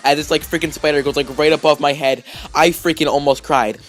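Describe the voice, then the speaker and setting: A man's voice: on the high side, steady tone, fairly quick. A man vlogging, telling a story casually with lots of fillers, restarts and "like"s. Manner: rambling, heavy with fillers and restarts.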